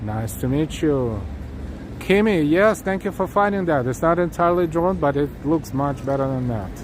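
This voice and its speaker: An animated man with a fairly high voice, speaking at a moderate pace, hosts a live-stream walking tour down an evening city street. Chatty and earnest, he talks right to viewers and reads chat aloud, while his handheld camera rig captures faint street noise and traffic.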